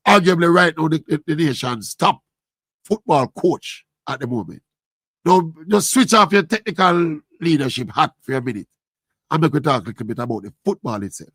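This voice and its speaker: A man asking measured, probing interview questions. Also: fairly high pitch, a bit bright, dry recording.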